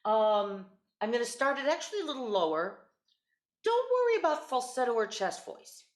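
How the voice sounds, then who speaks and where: A woman's voice: on the high side, sing-song, normal speed, echoey room. A woman teaching an online voice lesson, patient and encouraging, demonstrating vocal exercises over a video call.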